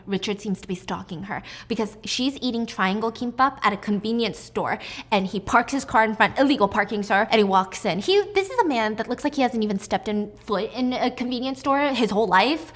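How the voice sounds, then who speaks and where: A woman recaps a drama story to camera in a casual, chatty voice of medium pitch. She reacts expressively to the plot as she goes.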